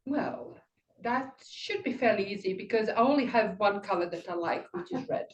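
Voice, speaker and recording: An older woman giving an impromptu speech at a club meeting, thoughtful and rambling, pausing to find her words. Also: mid-range voice, lively intonation, echoey room, lo-fi sound, slight background noise. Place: meeting room.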